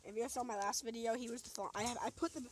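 A young woman chats and jokes through a video game, talking to the enemies and breaking into shrieks in tense moments. Her voice sits a little high. A faint hiss runs under the recording. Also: fairly even intonation, fast talker. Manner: goofy, talks to the game, shrieks when in danger. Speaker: gamer. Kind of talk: casual let's play commentary.

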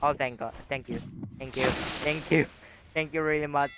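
Young man, gamer, casual gameplay commentary, rambling fillers, trash talk, slightly high voice, noisy background. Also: fairly even intonation, moderate pace.

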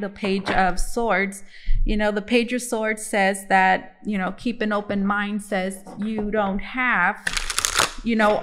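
A woman's voice: mid-range voice, fairly bright tone, smooth. Chatty woman reading tarot. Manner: chatty, many fillers and restarts. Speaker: tarot reader. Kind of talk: casual tarot reading to camera.

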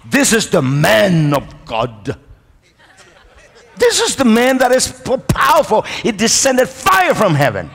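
High, lively preaching man in a hall. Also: takes it slowly, gravelly, breathy edge. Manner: emphatic preaching, calls for amens, repeats key phrases. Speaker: pastor. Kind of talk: sermon. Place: large church hall. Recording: long reverb of a church hall.

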